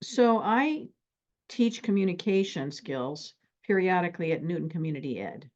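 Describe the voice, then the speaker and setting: A middle-aged woman therapist teaching relationship skills and acting out stories from her life in an animated, extroverted way. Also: lowish voice, moderate pace, highs cut off. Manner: animated, extroverted, acts out anecdotes.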